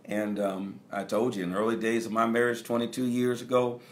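A man's voice: medium pitch, flat delivery, a little fast. A middle-aged man preaching as a bishop, speaking directly to his congregation and repeating key phrases for emphasis. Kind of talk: teaching sermon.

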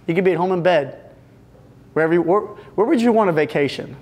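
High-voiced man giving a lively seminar. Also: quick pace. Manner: energetic, joking, addresses the audience directly and acts out little scenes. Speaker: seminar speaker for fence company owners. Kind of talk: business seminar talk. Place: retreat event room with a live audience.

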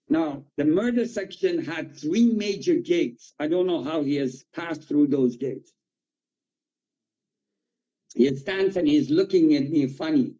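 A man whose first language is Farsi, a pastor, tells his testimony in an interview with lively storytelling and acts out the dialogue. His voice sits a little high and sounds mellow. The recording is somewhat dull and lo-fi. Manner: animated storytelling, acting out dialogue.

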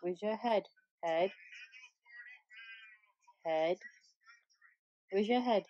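A woman's voice: mid-range voice, extremely slow, highs cut off, slight background noise. A mother at home talking to her baby in coaxing, sing-song baby talk and laughing often. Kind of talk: home video chat with a baby.

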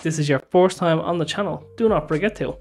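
An Irish woman opens a reaction video in a friendly, casual chat. Her voice sits on the low side for a woman. Soft music runs faintly underneath. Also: fairly quick. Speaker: co-host.

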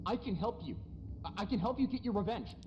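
A man's voice: high voice, lively intonation, fast, lo-fi sound, background noise. A man speaking nervously with stammers in a fan-made horror video.

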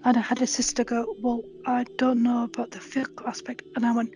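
In an interview with faint music in the background, a woman with a stammer candidly recounts her own story, animatedly acting out past conversations. Her voice is a little high and her delivery brisk.

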